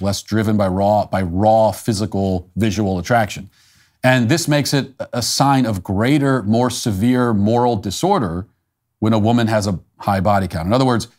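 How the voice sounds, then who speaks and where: A male show host delivers a commentary monologue in a fairly deep voice. He is blunt and emphatic, with an open note of scorn. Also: a little mellow.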